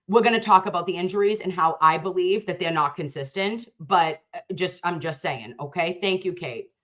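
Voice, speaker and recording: A woman's voice: on the low side, moderate pace, a bit bright. A woman hosting a livestream, reading viewer comments aloud and speaking fervently, with emphatic repeated phrases.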